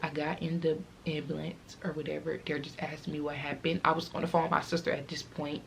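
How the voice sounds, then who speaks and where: A woman's voice: low-pitched, little pitch movement, fairly quick, creaky, slight background noise. A teenage girl vlogger telling a casual, rambling storytime, fighting back tears as she talks.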